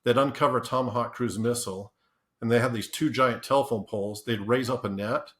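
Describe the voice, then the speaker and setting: Fairly quick and fairly bright, this medium-pitched male voice belongs to a podcast guest telling relaxed stories in an interview. He laughs and restarts a lot as he rambles, acting out quoted lines.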